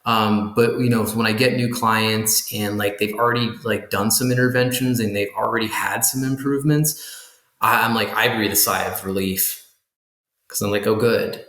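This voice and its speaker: Male doctor guest, low voice, halting restarts, roomy echo. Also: steady tone, pushed and bright. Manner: thoughtful, many restarts and repeated words. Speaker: physician guest. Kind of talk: casual conversation.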